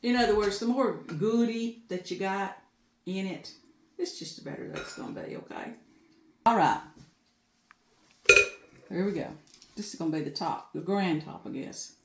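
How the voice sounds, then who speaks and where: A woman's voice: mid-range voice, normal speed, pauses often, darkish tone, slight background noise. An older woman with a Southern US accent hosting a homespun cooking show, talking in a folksy, chatty way in her home kitchen. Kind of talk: casual cooking demonstration. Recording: echoey kitchen room.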